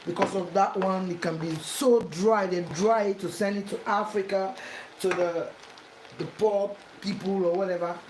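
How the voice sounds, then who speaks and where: A woman's voice: medium pitch, fairly even intonation, moderate pace, darkish tone. A woman giving a cooking demonstration in her home kitchen, talking the viewer through each step and repeating instructions over and over. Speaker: home cook. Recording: echoey kitchen with frying noise.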